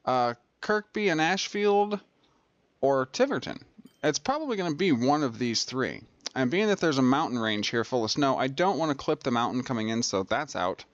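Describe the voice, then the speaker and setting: Man, gameplay host, thinks aloud with fillers, mid pitch, dry lo-fi desk mic. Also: dry recording. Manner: rambling, many fillers and restarts. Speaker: gaming video host. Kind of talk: casual let's-play commentary.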